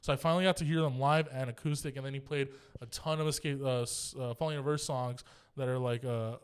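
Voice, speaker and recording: A man's voice: medium pitch, fairly even intonation, fast, clean tone. A young man co-hosting a podcast, telling a long story in casual chat, swearing a lot and acting out both sides of the dialogue. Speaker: podcast co-host.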